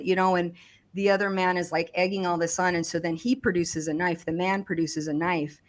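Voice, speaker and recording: A woman recounting a personal experience in conversation, speaking haltingly with frequent restarts and fillers. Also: lowish voice, fairly even intonation, fairly bright tone. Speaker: survivor giving testimony.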